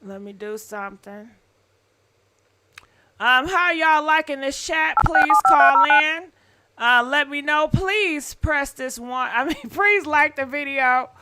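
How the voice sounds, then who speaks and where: A woman's voice: sits high, slow pace, sharp tone. A woman hosting a live call-in gossip show, chatty and apologetic, calling out to her callers. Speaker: host.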